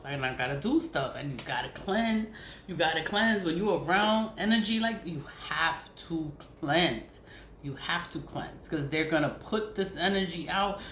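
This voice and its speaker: A woman's voice: fairly low pitch, fairly bright tone. Exasperated, profane woman venting in an echoey room. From United States. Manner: profane, exasperated, laughs often. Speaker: vlogger. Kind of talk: casual venting monologue. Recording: echoey room with faint noise.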